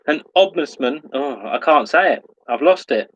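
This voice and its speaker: A man hosting an online pub quiz, reading each question slowly and repeating it, and laughing at himself when he stumbles over a word. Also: fairly high pitch, expressive, fairly bright tone, highs cut off, a little hiss or hum. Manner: self-mocking when tongue-tied. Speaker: quiz host.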